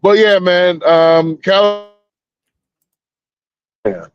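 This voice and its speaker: A man's voice: sits high, animated, very slow, smooth, no echo, dull audio, soft background music. A man with a Southern US accent trading crude, laid-back stories as a podcast co-host. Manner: laid-back storytelling with slang and profanity. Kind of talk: casual crude banter.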